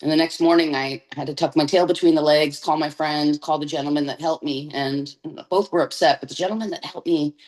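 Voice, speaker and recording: A woman's voice: deep voice, steady tone, brisk, few pauses, a little mellow, low-quality recording. A woman guest on an interview podcast, sharing her personal testimony candidly and vividly.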